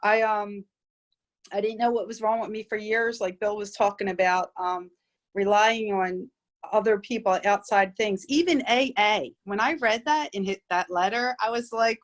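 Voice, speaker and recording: A woman from Philadelphia sharing at an online recovery meeting, earnest and animated. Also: normal speed. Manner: earnest, animated, jumps high in pitch when exclaiming.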